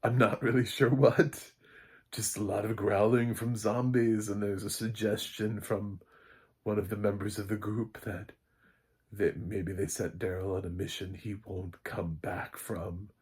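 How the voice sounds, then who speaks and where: A man's voice: on the low side, little pitch movement, measured pace, a little mellow, slightly rough. A man who is a film critic, giving a casual, rambling spoken recap of a TV episode and often laughing at his own jokes.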